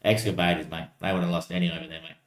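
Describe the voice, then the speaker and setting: A man's voice: sits low, little pitch movement, rapid-fire. A man rambling in casual chat, loose and swearing, laughing between lines. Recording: roomy echo.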